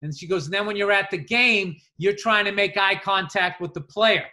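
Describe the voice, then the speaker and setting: A man co-hosting a podcast, telling animated stories in casual chat and swearing freely. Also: sits high, moderate pace. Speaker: podcast co-host.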